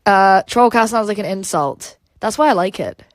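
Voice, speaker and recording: A woman's voice: mid-range voice, animated, normal speed, no room sound. A woman hosting a casual livestream, reading chat aloud and rambling with lots of "like" and "um" fillers.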